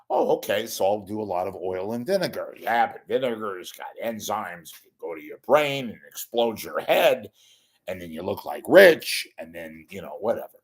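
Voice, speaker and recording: An older man hosting a casual livestream monologue, rambling, losing his thread and cracking bawdy jokes. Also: lowish voice. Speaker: host.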